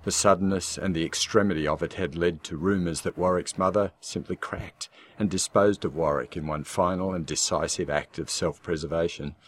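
A man in scripted audiobook narration with a measured, darkly wry storytelling manner. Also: low-pitched, steady tone, slight background noise.

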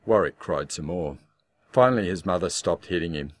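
A man in scripted audiobook narration with a measured, darkly wry storytelling manner. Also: deep voice, animated, no echo, clean studio sound.

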